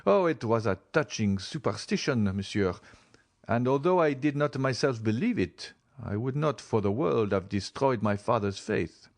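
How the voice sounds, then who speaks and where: A male audiobook reader voicing an earnest young man who speaks in a steady, sincere way. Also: mid-range voice, normal speed, no echo, voice pushed up, close to an everyday voice. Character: earnest young man recalling his father. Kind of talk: audiobook character reading.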